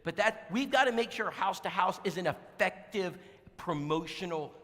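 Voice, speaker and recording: A man giving a storytelling sermon, animated and acting out the dialogue. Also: sits high, normal speed. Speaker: church speaker. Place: church sanctuary. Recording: echoey church hall.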